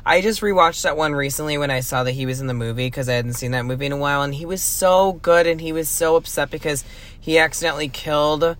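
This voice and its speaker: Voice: mid-range voice, fast talker, fairly bright tone. A young adult co-host gushing casually about a film, with lots of fillers and restarts. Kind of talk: casual movie review chat.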